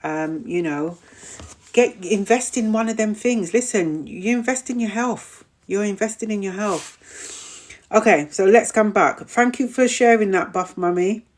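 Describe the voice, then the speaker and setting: A woman's voice: medium pitch, measured pace. A middle-aged woman hosting a live stream, chatting casually, repeating her points and reading out viewer comments. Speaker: host of a wellness live stream.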